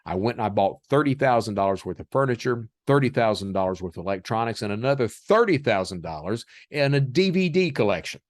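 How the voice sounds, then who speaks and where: Chuckling, animated male storyteller. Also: medium pitch, fast, few pauses, dry recording. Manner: chuckling, animated, acts out dialogue. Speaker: podcast guest. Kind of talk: casual storytelling.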